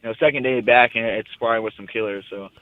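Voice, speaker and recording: Young man, rambling phone call, quick talk, tinny line, dry sound. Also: medium pitch, steady tone, dry recording. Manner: rambling, laid-back storytelling. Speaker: fighter calling in. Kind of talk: casual phone interview.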